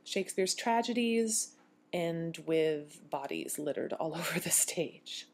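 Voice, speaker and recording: A woman giving a recorded university lecture on grammar, explaining clearly and slowing down to read quoted lines. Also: low voice, expressive.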